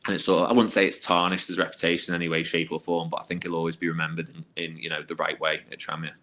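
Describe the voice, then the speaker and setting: A man, a former youth footballer, telling anecdotes as a podcast guest in a casual, animated way with plenty of fillers. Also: low-pitched, rapid-fire, slight background noise. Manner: animated, acts out quoted voices, filler-heavy.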